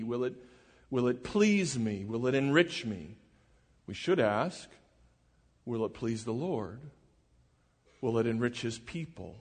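A man preaching a sermon in an earnest, measured way, often dropping his voice low for emphasis. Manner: earnest, measured preaching with dramatic drops in volume. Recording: reverberant hall.

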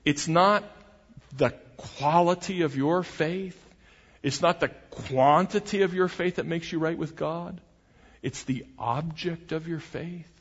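A man preaching a sermon as pastor, earnest and emphatic, often restarting his phrases. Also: medium pitch. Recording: dull recording with long hall reverb.

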